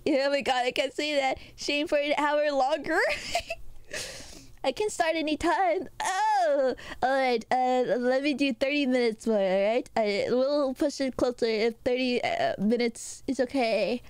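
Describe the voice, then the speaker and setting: A playful woman live-streaming as she draws, her voice sitting fairly high. She rambles to her chat with plenty of filler pauses. The sound is close and dry, with no room echo. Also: smooth. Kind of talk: casual live-stream chat while drawing.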